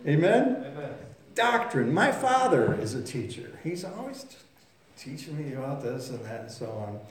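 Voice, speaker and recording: A man preaching a sermon in a folksy, storytelling way, acting out voices and sounds. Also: a little high. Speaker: pastor. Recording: very echoey room.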